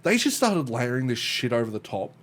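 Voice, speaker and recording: A man's voice: mid-range voice, big pitch swings, a little fast, fairly bright tone. Young male host, casual rambling chat, frequent swearing. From Australia. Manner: swearing, laughing, tangents. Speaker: podcast host.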